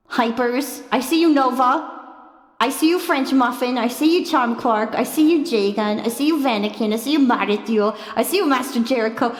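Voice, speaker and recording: On a boom mic, a woman chats casually to her live-stream audience at a normal speed. Her manner is playful and teasing, full of laughter, with sing-song moments and shouty squeals.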